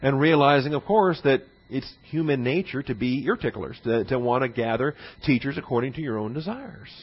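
A man's voice: medium pitch, a little fast, breathy edge. A man teaching a Bible class in a conversational lecture, often checking in with his listeners. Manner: conversational, checks in often with "all right?" and "see?". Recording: dull lo-fi recording.

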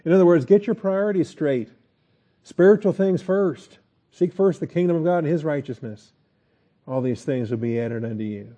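A man teaching a Bible lesson as a pastor, relaxed and folksy, with frequent fillers and chuckles. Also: a little high, moderate pace, highs cut off.

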